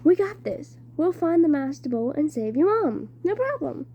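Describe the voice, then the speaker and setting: A woman reading aloud and voicing a nervous, eager boy satyr who stammers in a high voice. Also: slow, breathy edge, highs cut off, exaggerated voice.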